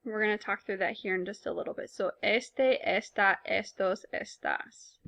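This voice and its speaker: A woman's voice: medium pitch, steady tone, normal speed, vocal fry, fairly bright tone. A woman teaching a recorded language lesson in a patient, explanatory way, speaking with casual fillers. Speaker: Spanish teacher.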